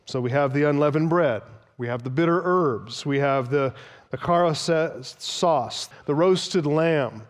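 A pastor delivers an expository sermon in a church hall full of echo, and his voice sits slightly high for a man. He preaches with emphasis, stopping to unpack key terms and cite older sources.

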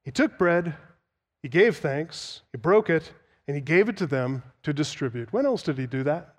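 A man preaching an expository sermon, teaching earnestly and repeating words for emphasis, slowing down to stress key phrases. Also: high-pitched.

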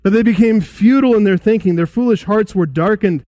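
A man with a fairly high voice preaches an expository sermon. He is emphatic, then sinks into hushed, solemn asides. The sound is dry and close to the mic. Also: a little fast, no room sound. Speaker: pastor.

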